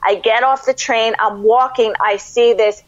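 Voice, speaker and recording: A woman's voice: a little high, steady tone, measured pace. Middle aged lady guest gushing thru her story, like like like, kinda muffled lo-fi audio. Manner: gushing, emotional, many "like" fillers. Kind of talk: casual interview storytelling. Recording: dull lo-fi sound.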